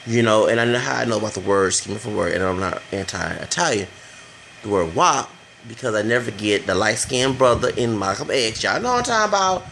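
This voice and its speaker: A man's voice: fairly low pitch, a little fast, gravelly, fairly bright tone, slight background noise, low-quality recording. A man giving a rambling, blunt opinion rant for his vlog, swearing freely as he goes. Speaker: vlogger.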